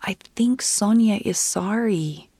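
A woman voicing a gentle, caring mother in a children's story, speaking softly and reassuringly. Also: medium pitch, slow, breathy edge, no room sound, studio quality. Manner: soft, reassuring.

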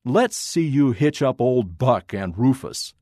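A man voicing a gruff, blunt bearded wagon driver with a growling delivery in a storybook reading. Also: mid-range voice, expressive, takes it slowly, darkish tone, no echo, clean studio sound. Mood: amused. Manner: gruff, short-spoken.

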